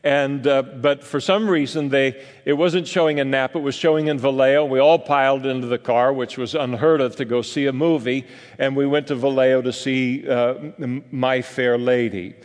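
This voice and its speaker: An older man from California gives a sermon in a relaxed, folksy way. He wanders through his story and fills it with small pauses and asides. His voice sits at an ordinary pitch and carries a long reverb from the hall. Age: 60s. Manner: folksy, rambling storytelling with many fillers. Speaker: pastor.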